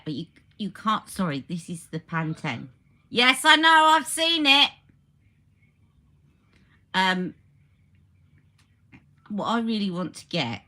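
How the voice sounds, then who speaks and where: Female live-stream host, low-ish voice, loose conversational product chat. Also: fairly bright tone. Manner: chatty, reacts to viewer comments mid-sentence.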